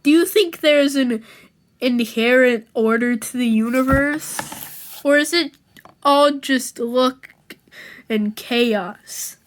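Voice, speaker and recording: An earnest, brainy young comic-book hero, put on by a woman reading aloud, talking in quick, thoughtful bursts. The voice sits high and eager. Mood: musing.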